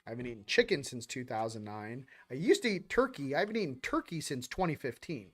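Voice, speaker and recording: A man's voice: medium pitch, sing-song, fast, noisy background. A young man hosting a casual spiritual livestream monologue, loose and slangy, rambling with quoted asides. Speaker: spiritual channel host.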